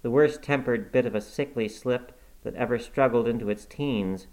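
Brisk scolding housekeeper, middle-aged, blunt, put on by a male audiobook reader. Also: mid-range voice, darkish tone, close to an everyday voice, low-quality recording. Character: stern no-nonsense middle-aged housekeeper woman. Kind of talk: audiobook reading.

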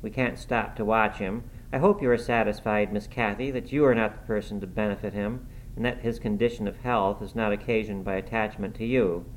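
A man reading aloud, voicing a stern, blunt middle-aged housekeeper who scolds briskly. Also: on the low side, steady tone, slight background noise, close to an everyday voice, poor audio. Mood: scolding. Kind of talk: audiobook reading.

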